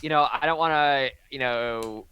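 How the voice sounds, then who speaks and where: A young man co-hosting a podcast, reading viewer comments and speaking in a measured, thoughtful way. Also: mid-range voice, bright, forceful tone, smooth. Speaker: podcast co-host reading chat. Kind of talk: casual chat.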